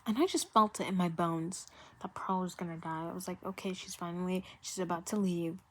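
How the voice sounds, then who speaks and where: A woman talks in a relaxed, rambling vlog chat, circling back and repeating lines to drive her point home. Her voice sits a little low and has a husky, breathy edge. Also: fairly quick. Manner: chatty, rambling, repeats phrases for emphasis. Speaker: vlogger reviewing a TV series. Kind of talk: casual chat.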